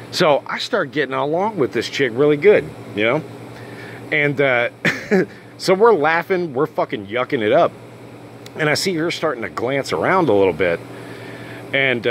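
The host of a casual rant video tells a crude story, animated and swearing constantly. He has a mid-range voice, with a little hiss or hum in the recording.

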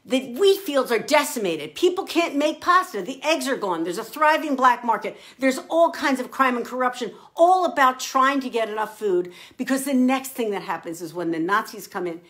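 A woman's voice: on the high side, animated, moderate pace, few pauses, a bit bright. A woman author chatting enthusiastically to camera about the food in her novel and showing cookbooks as she talks.

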